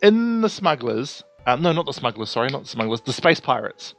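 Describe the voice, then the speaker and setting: A man's voice: mid-range voice, big pitch swings, a little fast, faint music behind. A man co-hosting a podcast in casual chat, eager and opinionated, often correcting himself mid-sentence. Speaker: podcast co-host.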